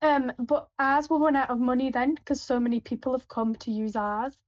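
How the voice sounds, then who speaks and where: Her voice sits high with fairly even intonation at a normal speed as this supermarket till worker rambles through a casual anecdote, stumbling over fillers and restarts. It's a dry, dull, lo-fi recording.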